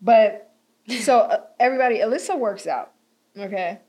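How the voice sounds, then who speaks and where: A young woman in casual chat, animated and slangy, laughing often. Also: mid-range voice, normal speed.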